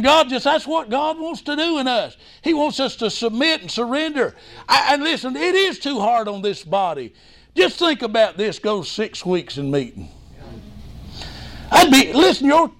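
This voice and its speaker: A man preaching a revival sermon as a missionary, fervent and exclaiming glory and hallelujah, breaking in with "hey, listen" and sudden shouts. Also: very high voice.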